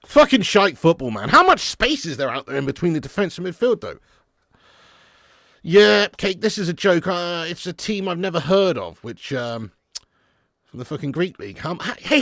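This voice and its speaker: A man streaming a live football watch-along, reading viewer comments casually, then swearing and shouting at the match as it unfolds. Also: sits high, very animated, normal speed, no room sound, studio quality.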